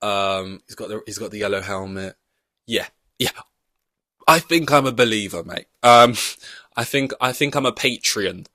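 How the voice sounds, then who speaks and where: A young man talks on his podcast in a low, easy voice, wandering through long-winded comparisons and joking at his own expense. The sound is dry and close, with no room around it. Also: lively intonation, moderate pace, bright, forceful tone, dry recording. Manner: rambling, long-winded, self-mocking. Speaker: podcast host. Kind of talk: casual chat.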